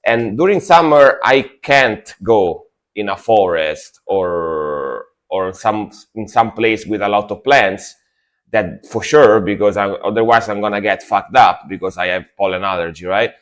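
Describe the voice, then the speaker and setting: A man's voice: on the low side, expressive, unhurried. A man chatting casually to viewers on a livestream, sleepy from just waking up, rambling and repeating himself with lots of fillers. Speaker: streamer.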